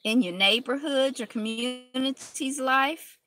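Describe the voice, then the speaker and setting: A woman's voice: high-pitched, measured pace, pushed and bright. A woman with a cold, hosting a casual live stream from inside a car, chatting with viewers and greeting them by name. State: has a cold.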